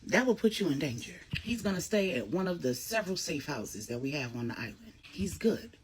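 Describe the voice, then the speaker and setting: A woman reading the part of a calm man who serves as a crime-family lieutenant, speaking in a terse, matter-of-fact way. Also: sits low, brisk.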